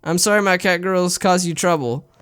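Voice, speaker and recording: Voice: mid-range voice, moderate pace, a bit bright, clear, resonant tone, soft background music, lightly acted. A reader doing a firm, polite police officer. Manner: patient, firm. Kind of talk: reading a visual novel aloud.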